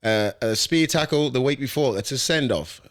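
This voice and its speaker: A man with an Australian accent, a podcast host and former rugby league player, talking sport in a blunt, animated way and swearing freely. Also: mid-range voice, moderate pace. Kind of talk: casual sports chat.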